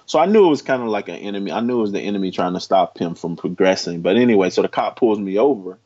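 This is a man with a very low voice, talking casually as an interview guest and leaning hard into his storytelling. He sounds like he is in his forties. The recording is dull and a bit lo-fi. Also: fast talker. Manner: emphatic, animated storyteller.

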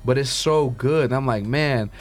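A man's voice: medium pitch, fairly quick. A young man, a guest DJ and talent scout, chatting loosely in an interview and leaning on "like" and "man" as he talks. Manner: loose, rambling, heavy on "like" and "man". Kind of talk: casual interview chat.

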